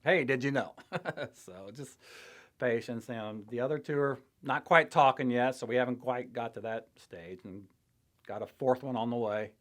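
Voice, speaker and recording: An older man sharing his personal faith testimony in a halting, reflective way, with pauses and short laughs between thoughts. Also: medium pitch, fairly bright tone. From Illinois, US. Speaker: church member sharing testimony.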